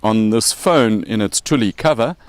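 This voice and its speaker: A man's voice: fairly low pitch, normal speed, clean tone, dry recording. A man with a South African accent hosting a casual show, explaining with props and joking along the way. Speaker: podcast host.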